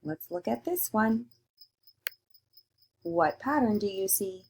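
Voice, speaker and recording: A woman teacher giving a recorded lesson to young children, slowly sounding out letters and praising answers. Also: medium pitch, animated, slight background noise. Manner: slow, sing-song and encouraging, sounding out letters.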